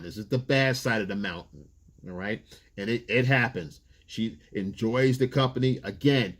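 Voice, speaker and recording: Blunt, profane man giving dating advice. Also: mid-range voice. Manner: blunt, profane, street-casual talk. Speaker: dating coach. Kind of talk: casual advice monologue.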